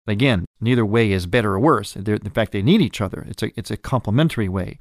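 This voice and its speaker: A man who is a priest and show host, giving an earnest, measured explanation of church liturgy with small restarts. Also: lowish voice, darkish tone, no echo, clean studio sound.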